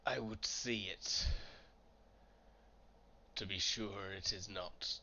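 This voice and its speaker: A guarded male stranger, as a man puts him on for a tabletop game, speaks in short, suspicious lines. His voice is low with a bright, forceful edge. The call audio is slightly dull. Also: steady tone, slow, slight background noise, heavily acted. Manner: curt, suspicious, bargaining.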